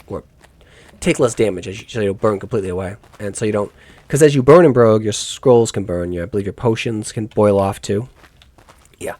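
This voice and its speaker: A man's voice: lowish voice, fairly quick, darkish tone. A man giving let's play commentary on a game, musing aloud in rambling asides and correcting himself as he goes. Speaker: gaming YouTuber.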